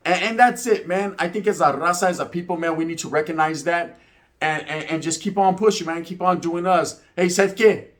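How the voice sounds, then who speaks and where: Speaking a little high and a little fast, this forties-aged man hosts reaction videos, telling a story and sharing his opinion in profane, casual street talk. He often ends his lines with "right?".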